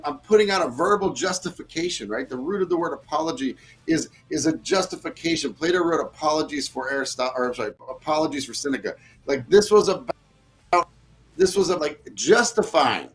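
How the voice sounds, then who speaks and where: A man's voice: fairly high pitch, fairly bright tone, rough recording. A man hosting a leadership podcast, talking bluntly and emphatically and swearing freely. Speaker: host.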